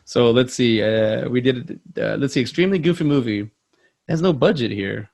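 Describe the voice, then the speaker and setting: A man's voice: medium pitch, normal speed, vocal fry, darkish tone. A man hosting a movie podcast in casual, rambling chat, self-deprecating with many restarts. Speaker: podcast host.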